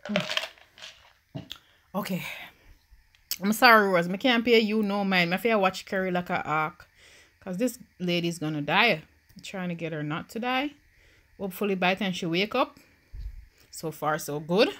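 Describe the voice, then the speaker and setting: A woman's voice: lowish voice, unhurried, long pauses. Jamaican woman narrating her Sims game. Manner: animated, swings from quiet worry to loud joy. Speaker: gaming YouTuber. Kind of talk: Sims let's-play commentary.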